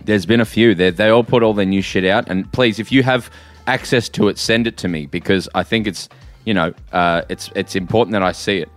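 A man's voice: lowish voice, a little fast, few pauses, soft background music. An Australian man co-hosting a podcast from a hotel room, rambling and teasing in casual chat with frequent swearing. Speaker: podcast co-host.

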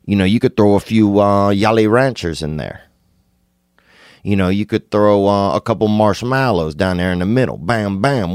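Deep-voiced man rambling comedic monologue. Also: normal speed, clear, resonant tone, no room sound, clean studio sound. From Louisiana. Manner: rambling, digressive, jumps to sudden high excited bursts.

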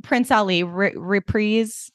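A woman co-hosting a podcast in casual chat, joking and chiming in with quick remarks. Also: medium pitch, fairly bright tone, dry recording, clean studio sound. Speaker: podcast co-host.

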